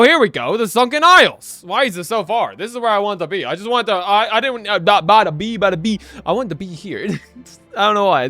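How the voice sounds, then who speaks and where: A man's voice: sits high, pushed and bright. A young man rambling through casual gameplay commentary, laughing often and tossing in slang and "right?" as he talks. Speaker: gaming YouTuber.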